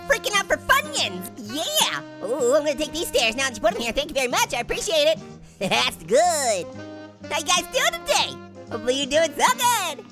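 Super high squeaky sped-up orange fruit, giggly and punny, voice bouncing everywhere. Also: male voice, wildly swooping pitch, normal speed, exaggerated voice. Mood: giggly, teasing. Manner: giggly, punning, goofy taunts. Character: hyper, wisecracking talking orange fruit. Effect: sped-up high pitch-shifted voice. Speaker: game commentator. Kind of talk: let's play commentary. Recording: loud game music underneath. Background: game music.

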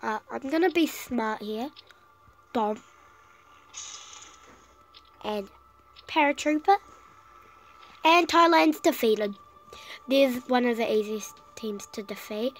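Brief: female gameplay commentator with a cough, unhurried and a little high, chatty, faint game music behind. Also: a little mellow, a little hiss or hum, poor audio. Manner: rambling, self-talking, trailing off with fillers. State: sick with a cough. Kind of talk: casual let's-play commentary.

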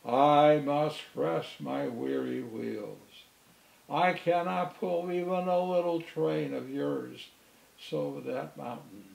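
A man's voice: on the high side, takes it slowly, gravelly, a little mellow, echoey room, heavily acted, rough recording. A man voicing a tired, rusty old male engine, weary and sighing.

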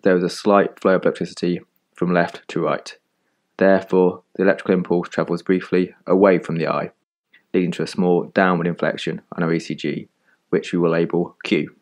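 A man narrating an animated medical lesson in a calm, measured, scripted voice-over, recorded close on a studio mic. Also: low-pitched. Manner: calm, measured explanatory delivery.

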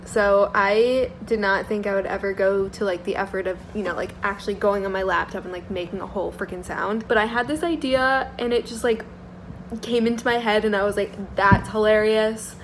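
Young woman vlogger, mid pitch, chatty and rambling, laughs a lot, faint noise behind. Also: brisk, poor audio. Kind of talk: casual daily vlog.

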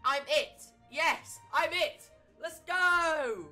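A high-voiced woman narrates her gameplay live, swinging between quick chatter and sudden yelps and shouts. She repeats exclamations in rapid bursts, with clear music playing behind her. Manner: excitable, frequent yelps and shouts; fast repetitive exclamations. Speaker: gaming YouTuber. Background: background music.

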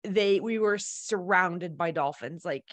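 A woman telling a personal travel story in a casual, animated way, laughing often and acting out the dialogue. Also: lowish voice, slow pace, dry recording.

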